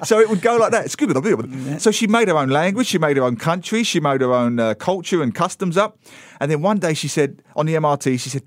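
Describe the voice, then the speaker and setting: A middle-aged man talks as a guest on a radio interview. His voice sits a little high for a man and he tells his story with lively energy, often acting out the voices of the people he quotes. The studio sound is dry and close. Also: fairly quick, no room sound. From Britain. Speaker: author guest.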